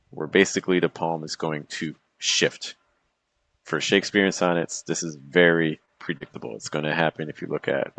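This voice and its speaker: Low-voiced man teaching poetry casually. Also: a bit bright, no echo. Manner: chatty, checks in with "okay" and "right"; taps out rhythm with "da da" syllables. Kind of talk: casual explanatory lesson.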